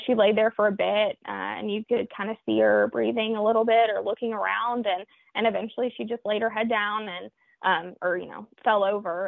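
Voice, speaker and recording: A woman from Oklahoma, a guest telling a hunting story in an interview, reflective and halting with many fillers. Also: medium pitch, gravelly, dry recording. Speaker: guest hunter. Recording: tinny phone line.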